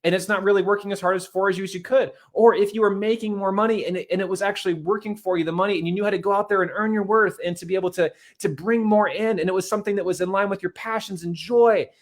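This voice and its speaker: A man in his thirties delivers a motivational talk with a high, lively voice. He rushes along at a fast clip, repeating himself and addressing listeners as guys. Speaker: host. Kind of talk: motivational talk on money and marriage.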